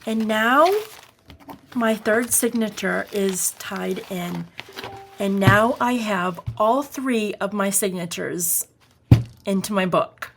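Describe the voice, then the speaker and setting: With music in the background, a woman speaks slowly in a creaky, mid-range voice. She's hosting a hands-on craft demonstration, chatty and enthusiastic as she walks through each step.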